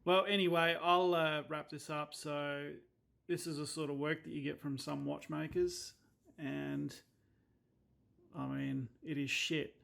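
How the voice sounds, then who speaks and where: A man's voice: on the high side, flat delivery, a little slow, vocal fry, a bit bright. A man with an Australian accent, talking casually through a watch repair as a watchmaker, blunt and exasperated with a habit of swearing when annoyed. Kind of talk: casual workbench commentary.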